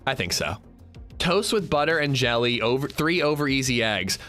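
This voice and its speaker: A young man chatting casually on a gaming livestream, rambling and animated as he reads chat while playing. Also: medium pitch, moderate pace, faint music behind.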